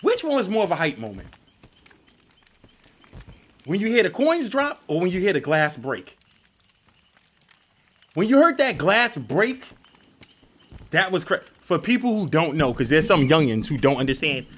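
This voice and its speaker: A man with a high, bright voice that jumps all over its range, ranting casually on a game stream. He swears freely and breaks into loud shouted crowd noises while he tells a story, then drops back to lecturing his viewers. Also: measured pace, long pauses, husky. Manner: profane, animated storytelling with shouted crowd imitations.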